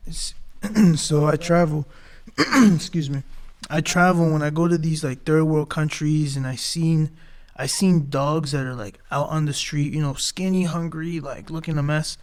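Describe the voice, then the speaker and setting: A man's voice: a little high, steady tone, a little slow, darkish tone, clear, resonant tone. A man hosting a podcast interview, talking casually with loose phrasing and many restarts. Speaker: podcast host.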